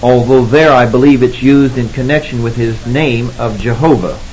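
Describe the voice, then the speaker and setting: A man giving an expository Bible lecture, measured and deliberate, pausing to stress key words. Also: mid-range voice, darkish tone, muffled recording, a little hiss or hum. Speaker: Bible teacher.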